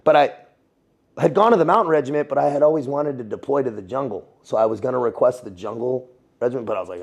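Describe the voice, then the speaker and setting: Gravelly, animated American man telling stories. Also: medium pitch, fast talker. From United States. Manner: animated, profane, laughing, calls everyone dude. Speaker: guest, former Navy SEAL and Foreign Legionnaire. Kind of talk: casual interview storytelling.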